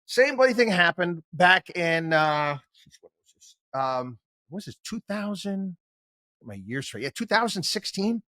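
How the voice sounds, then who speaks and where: A man's voice: a little high, animated, a little slow, bright, forceful tone, dry recording. An older man hosting a podcast, talking in a casual, rambling monologue with lots of fillers and restarts, plain-spoken and wry. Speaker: podcast host and financial commentator.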